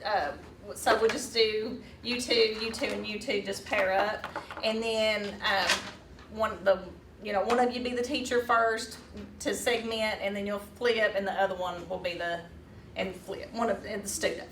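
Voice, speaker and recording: A woman's voice: medium pitch, steady tone, normal speed, fairly bright tone. A woman leading a hands-on teaching workshop, talking casually with fillers and restarts. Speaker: teacher trainer. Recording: roomy echo, distant mic, faint room noise.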